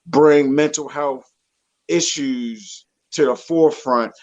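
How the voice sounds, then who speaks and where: A man's voice: fairly high pitch, slow, darkish tone, no echo, lo-fi sound. A man hosting an interview show, talking casually in a hesitant way with many fillers and restarts. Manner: hesitant, filler-heavy, friendly "sis" address. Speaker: host.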